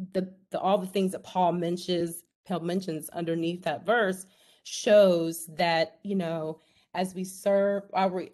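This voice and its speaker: A woman's voice: fairly low pitch, darkish tone. Hesitant woman leading a Bible study. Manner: hesitant, many fillers and restarts. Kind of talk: teaching a virtual Bible study. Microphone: video call.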